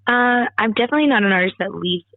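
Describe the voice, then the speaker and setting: A woman from Wisconsin chats eagerly about her work, stacking up fillers as she tells her stories. Her voice comes through a narrow, tinny line with dry, close sound. Her pitch sits in a middle range. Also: fast talker, no echo. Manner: chatty, animated storytelling with many fillers. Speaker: singer-songwriter guest. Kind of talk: casual interview chat. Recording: tinny phone-like dry call audio.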